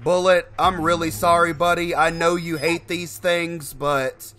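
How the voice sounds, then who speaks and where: A man's voice: fairly high pitch, flat delivery, a little slow, sharp tone, faint music behind. A young man giving emotional, chatty commentary as he plays a horror game and talks to his dog. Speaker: gaming streamer. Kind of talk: casual gameplay commentary.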